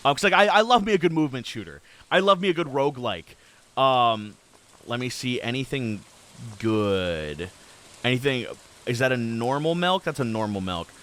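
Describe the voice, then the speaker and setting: Bright-voiced young man, rambling game chatter. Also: medium pitch, expressive, normal speed. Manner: rambling, many fillers and restarts; easygoing, chatty. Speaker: gaming video creator. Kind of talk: casual commentary while playing a game.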